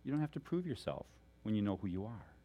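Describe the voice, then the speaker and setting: A male pastor giving a sermon in an animated, storytelling way, chuckling often as he talks. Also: on the low side, fast talker, phone-quality sound.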